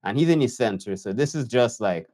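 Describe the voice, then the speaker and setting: A man reacting to a video as an editor, unhurried and admiring as he talks through the choices. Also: mid-range voice, lively intonation, darkish tone. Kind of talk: reaction commentary.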